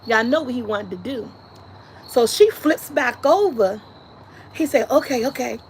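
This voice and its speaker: A woman with a high voice recaps a movie in casual vlog style. Her delivery is slow and unhurried, broken up by laughs and excited shrieks. Faint crickets and insects chirp in the background. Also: slight background noise, low-quality recording. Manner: laughs and shrieks while retelling scenes. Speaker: vlogger reviewing a movie. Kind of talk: animated casual storytelling.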